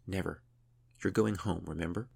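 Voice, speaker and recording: A frightened young woman in an audiobook story, speaking barely above a murmur, as a man reads her lines. The voice stays deep and a little husky. She sounds anxious but keeps her words soft and careful. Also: fairly even intonation, normal speed, exaggerated voice. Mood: hushed worry.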